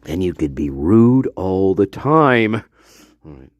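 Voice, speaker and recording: A man's voice: low-pitched, very animated, slow pace, no echo, lo-fi sound. A man hosting a casual live stream from his room, rambling, swearing and laughing often as he talks to viewers. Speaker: channel host.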